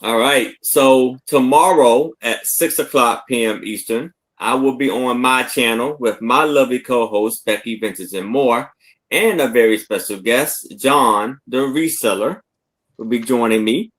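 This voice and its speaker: A man's voice: mid-range voice, measured pace, fairly bright tone. A man talking casually while he runs a live online sale of vintage items, in an easygoing, folksy way. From Maryland, US. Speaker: guest reseller.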